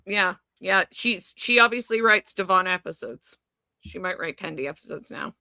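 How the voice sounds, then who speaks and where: A woman's voice: lowish voice, animated, normal speed, bright, forceful tone, no room sound. A woman co-hosting a casual podcast chat, talking enthusiastically with lots of fillers and frequent laughter. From Canada. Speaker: podcast co-host.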